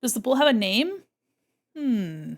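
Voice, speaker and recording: A young woman on her art stream talks in a casual, playful way, with a slightly high voice. She chats with her viewers as she draws and speaks close to her desk microphone. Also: sing-song, a little slow. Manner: playful, chatty, imitates her cats with squeaky noises. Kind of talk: casual livestream chat while drawing.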